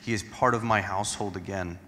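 A man's voice: fairly low pitch, fairly even intonation, brisk, sharp tone, in a large hall. A male pastor preaching an expository sermon in a church sanctuary, explaining each passage and acting out the quotes.

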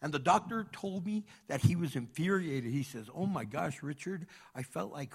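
Animated male preacher, higher-pitched. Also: normal speed, creaky, hardly any pauses, breathy edge. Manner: animated, swings between loud outbursts and quiet asides. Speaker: pastor. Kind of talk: sermon.

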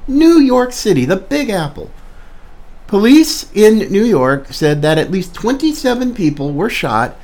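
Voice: medium pitch, a little mellow. A podcast host delivering an indignant opinion monologue, emphatic and repeating phrases for stress. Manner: indignant, ranting.

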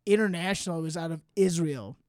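A man's voice: fairly high pitch, quick pace, a little mellow, no room sound, clean studio sound. A man hosting a comedy podcast, telling stories in casual chat, swearing freely and laughing often.

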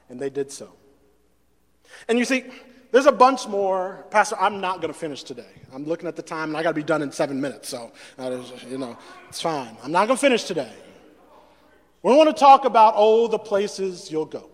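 A man's voice: high-pitched, animated, fairly quick. A male pastor preaching a sermon, stumbling over repeated words and acting out the voices of the scripture. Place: church sanctuary. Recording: long reverb in a church hall.

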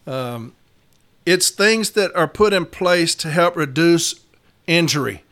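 Pitched fairly high and a bit bright, his expressive voice takes its time. A union shop steward, he tells his viewers a story from work in a folksy, blunt, cussing, emphatic style, frequently calling them y'all.

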